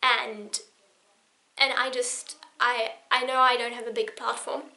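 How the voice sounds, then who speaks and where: In her twenties and from Poland, this young vlogger shares an earnest, emotional personal vlog, though her delivery is flat and her pace measured. She rambles slightly and frequently starts sentences over, in a bright, forceful, gravelly voice a bit higher than average.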